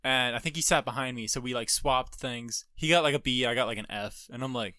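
A man's voice: mid-range voice, fast talker, hardly any pauses, pushed and bright, no room sound, clean studio sound. A young man in casual chat, laid-back and agreeable, recalling school days.

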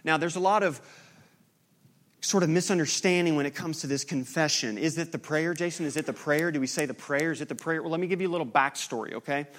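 A man preaching a sermon, his voice sitting a little higher than most men's. He talks casually and conversationally to his congregation, then swells into fervent, impassioned preaching. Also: fast talker, fairly bright tone. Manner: conversational, building to impassioned climax. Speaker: pastor.

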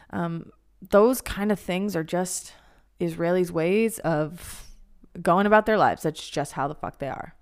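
A young woman hosting a podcast, chatting casually and frankly, with plenty of swearing and animated emphasis. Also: on the low side, measured pace, clear, resonant tone. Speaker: podcast host. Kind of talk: casual chat.

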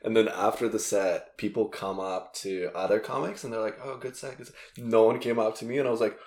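A man's voice: lowish voice, fairly even intonation, brisk, a little mellow, roomy sound. A man, a comedian, telling stories in a casual chat and laughing often.

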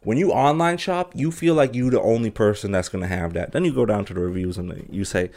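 In a casual solo podcast, a young man with a fairly low, slightly mellow voice rambles and jokes at a brisk pace. He keeps restarting sentences and leans heavily on fillers.

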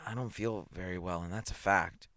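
A man's voice: sits low, fairly even intonation, normal speed, bright, forceful tone, no room sound, studio quality. A man doing a jittery, wisecracking newspaper man. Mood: defensive. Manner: defensive, blustering, slangy. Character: nervous, wisecracking male newspaper columnist.

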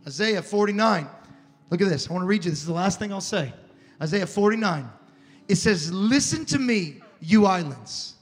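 A male pastor preaching a fervent sermon to a congregation, dropping to a hush and then rising to shouts. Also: sits high, fairly quick, in a large hall, faint music behind. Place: church sanctuary before a congregation.

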